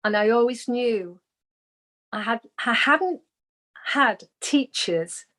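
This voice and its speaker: A woman's voice: on the high side, animated, slow, bright, forceful tone. A woman, a guest on an interview show, earnestly telling a personal spiritual story and acting out the voices she quotes.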